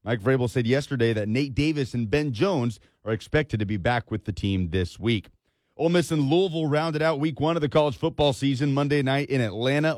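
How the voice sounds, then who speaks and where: A man reading a scripted sports news update on the radio in a steady, clipped delivery. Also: medium pitch, no room sound, clean studio sound.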